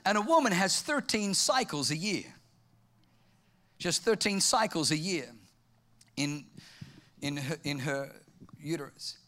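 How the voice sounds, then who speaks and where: A man preaching a humorous sermon, telling stories in an animated way and bursting into shouts. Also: on the high side. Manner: animated storytelling, acts out quoted voices, bursts into shouts.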